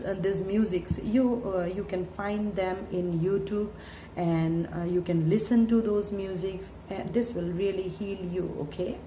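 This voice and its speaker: Mellow-voiced woman giving a tarot reading. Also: medium pitch, slight background noise. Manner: earnest, pleading, with frequent "you know" fillers. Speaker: tarot reader. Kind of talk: spiritual tarot reading monologue. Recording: echoey room with faint ambience.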